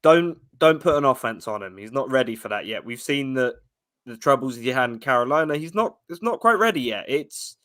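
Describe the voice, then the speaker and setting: A man's voice: medium pitch, animated, brisk, fairly bright tone. A man with a Boston accent, a guest on a sports show, talking in a brash, heated, profane way. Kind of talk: casual sports chat.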